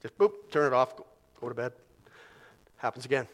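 A male preacher giving a sermon in an animated, conversational way, often acting out inner voices. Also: mid-range voice, fairly quick. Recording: long reverb of a large hall.

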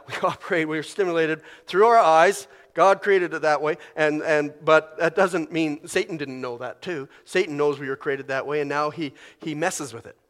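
A male preacher giving a sermon in an animated, conversational way, often acting out inner voices. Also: on the high side. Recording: long reverb of a large hall.

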